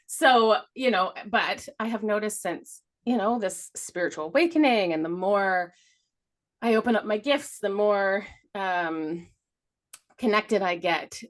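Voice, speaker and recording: A middle-aged woman co-hosting a casual podcast chat, her pitch sitting in an ordinary middle range. She tells a story in a rambling, meandering way, laughs often and swears freely. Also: animated, measured pace. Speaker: podcast co-host.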